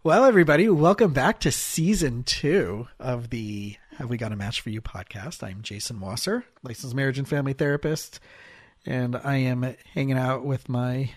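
A man hosting a podcast as a marriage and family therapist, talking in a casual, animated way with frequent restarts and fillers. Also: mid-range voice, normal speed, no room sound.

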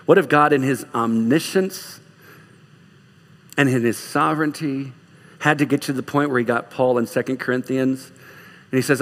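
A man preaching a sermon as pastor, lively and urgent, dropping at times to soft, hushed lines. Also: mid-range voice, moderate pace, long pauses. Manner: animated, swings from loud urging to soft hushed lines. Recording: long reverb of a large hall.

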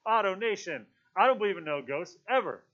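A stubborn, indignant boy played by a man, raised high and loud in protest. Dull lo-fi sound. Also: expressive, fairly quick. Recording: dull lo-fi recording.

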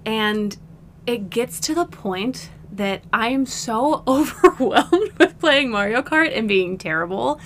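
A woman co-hosting a casual podcast, telling a story in an animated way and acting out what people said. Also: on the high side, slow, a little hiss or hum. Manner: animated storytelling, acts out quotes. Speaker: podcast co-host. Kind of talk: casual chat.

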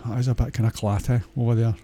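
Dark-voiced Scottish man rambling bluntly. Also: medium pitch, level tone, fast talker, a little hiss or hum. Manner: blunt and crude, swears a lot, hesitant with many fillers. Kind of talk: casual rambling monologue.

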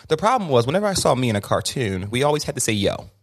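A man chatting as a guest on a podcast, animated and opinionated, often restarting his sentences. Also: medium pitch, rapid-fire, breathy edge. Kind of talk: casual podcast conversation.

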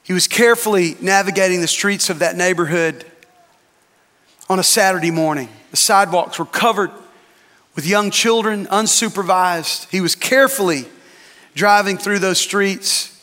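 A man's voice: high voice, moderate pace, pushed and bright. Man preaching a sermon, repeats lines for emphasis, echoey hall sound. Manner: emphatic preaching with dramatic repetition. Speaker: lead pastor.

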